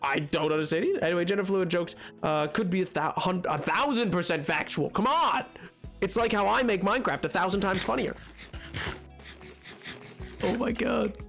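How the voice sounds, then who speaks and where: High-voiced rambling young man streamer. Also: moderate pace, gravelly, fairly bright tone, faint music behind. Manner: rambling, self-mocking, laughs often. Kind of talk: casual gaming stream chat.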